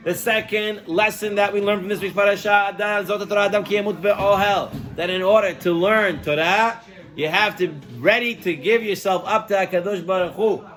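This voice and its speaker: A male rabbi gives a sermon with a voice that sits high for a man. He tells stories in an animated way and goes hushed to drive each lesson home. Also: fairly quick. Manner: animated storyteller who acts out characters.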